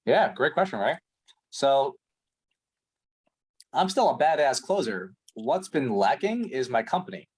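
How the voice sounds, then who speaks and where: A man's voice: mid-range voice, big pitch swings, unhurried, pauses often, husky. A man playing a frustrated prospect in a sales call role-play, ranting and swearing heavily. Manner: ranting, profane, exasperated.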